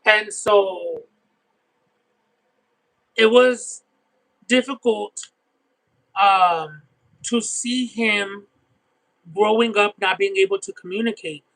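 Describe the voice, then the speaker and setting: A man chatting casually on a livestream, talkative and expressive, who swears now and then and keeps saying "you know what I mean.". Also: high voice, takes it slowly, long pauses, low-quality recording. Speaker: streamer reading chat.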